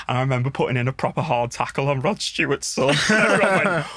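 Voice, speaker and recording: A man from the Wirral with a Merseyside accent, a podcast guest telling stories in a relaxed, sweary way and often laughing. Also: on the high side, brisk, husky. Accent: Merseyside English. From Wirral, England. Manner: laid-back, sweary, laughs through his stories. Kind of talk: casual storytelling chat.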